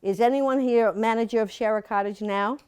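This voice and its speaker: A woman's voice: fairly high pitch, moderate pace, a little mellow, clean tone. A woman in her seventies giving a chatty, playful slide-show talk to a museum audience, full of asides and laughter. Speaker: guest speaker at a museum talk.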